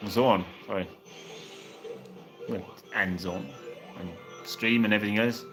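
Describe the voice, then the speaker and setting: A man's voice: on the low side, fairly even intonation, slow pace, over music. A young man streaming games live, chatting casually and reassuringly with a viewer, peppering his talk with "man" and tripping over repeated words. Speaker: game streamer.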